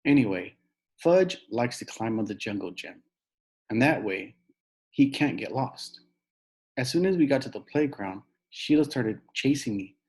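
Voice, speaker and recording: Animated man reading a children's book, husky, pitch rising and falling a lot. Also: a little slow. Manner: animated storytelling with a boyish narrator's voice. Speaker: reader. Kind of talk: audiobook reading aloud.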